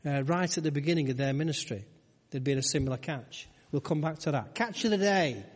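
A man's voice: on the high side, a little fast, breathy edge. A man preaching a conversational sermon, full of rhetorical questions and asides to the congregation. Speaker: pastor. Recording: long hall reverb.

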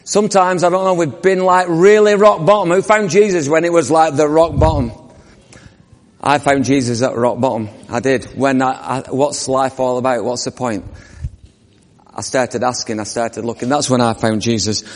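A man's voice: mid-range voice, steady tone, normal speed. A man preaching a sermon, telling the story vividly and asking the congregation questions. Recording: long reverb of a church hall.

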